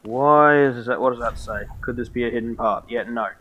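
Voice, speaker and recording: A man's voice: medium pitch, normal speed, fairly bright tone. Exasperated swearing streamer, man. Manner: exasperated, swearing, muttering to himself. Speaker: game streamer. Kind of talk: live gameplay commentary. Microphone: desk microphone.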